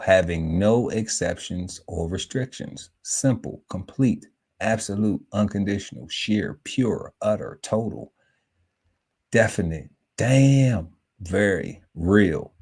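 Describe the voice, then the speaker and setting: A man hosting a casual podcast panel. He slowly reads through lists of words, musing aloud and breaking into laughter now and then. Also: low-pitched, a little mellow, slightly rough. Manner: slow, musing list-reading broken by laughter and asides.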